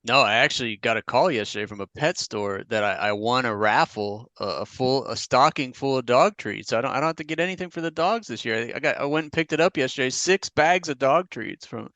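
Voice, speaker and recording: A man's voice: medium pitch, a little fast, hardly any pauses, a bit bright, dry recording. A man co-hosting a podcast in casual chat, telling stories in an easygoing way. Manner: easygoing storytelling with frequent restarts. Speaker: podcast co-host.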